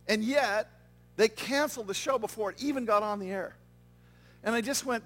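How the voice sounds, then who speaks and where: A man with a noticeably high voice delivers a sermon in an earnest, conversational way. He often stops to check in with his listeners, asking if they follow along before going on. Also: normal speed, a bit bright. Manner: earnest, conversational preaching with frequent "okay?" and "right?" check-ins. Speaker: pastor. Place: church.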